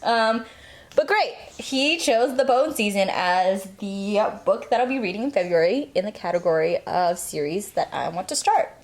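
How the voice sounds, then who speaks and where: A woman's voice: mid-range voice, lively intonation, normal speed. A woman book vlogger chatting casually in a bubbly, gushing way. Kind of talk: casual vlog chat. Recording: echoey room.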